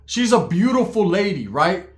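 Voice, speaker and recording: Man, comic storyteller, crude slangy delivery, higher register. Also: big pitch swings, moderate pace. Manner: slangy, crude, laughing asides. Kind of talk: comedic storytelling. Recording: roomy echo.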